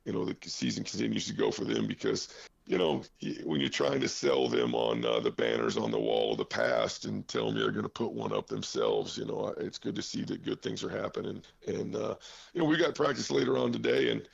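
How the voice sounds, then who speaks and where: A college head basketball coach from Iowa joins a casual phone interview as a guest, sounding winded, with a deep, gravelly voice full of vocal fry. He's very animated and fairly quick, rambling through fillers and restarts while making self-deprecating jokes. The audio is dull and lo-fi.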